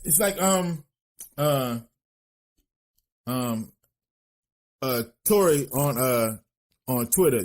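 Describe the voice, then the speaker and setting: Man casual profane podcast host. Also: medium pitch. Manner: animated, profane, riffing with mock voices.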